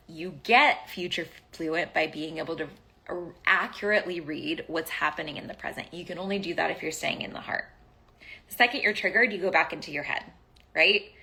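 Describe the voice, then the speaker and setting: This podcast host has a lowish, bright, pushed voice. She tells a personal story in a casual coaching monologue, emphatic and repetitive, with the occasional swear word.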